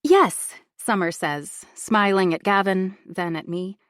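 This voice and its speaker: A woman reading a first-person audiobook thriller in an expressive, confiding inner-monologue style. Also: mid-range voice, unhurried, clean tone, no echo, clean studio sound. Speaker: audiobook narrator.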